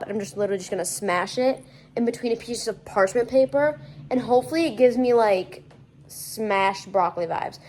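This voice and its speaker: A woman's voice: a little high, a little hiss or hum. A young woman from Michigan with a Michigan accent, chatting in a rambling way full of "like" fillers as she cooks in her home kitchen, recorded on a phone propped on the counter. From Michigan, USA. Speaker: vlogger. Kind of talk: casual cooking vlog chat.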